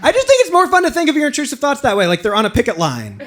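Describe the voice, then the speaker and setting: Male stand-up, high and bouncy pitch, rambling and self-deprecating, loud noise under the set. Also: wildly swooping pitch, very fast, few pauses. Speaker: stand-up comedian. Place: small apartment with a live audience. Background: audience laughter.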